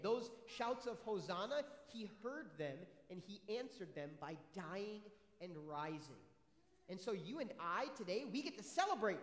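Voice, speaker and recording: High-voiced pastor questioning children. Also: male voice. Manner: friendly, asks many questions, upbeat. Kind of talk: children's sermon, questions to kids. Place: church sanctuary. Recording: echoey church hall with long reverb.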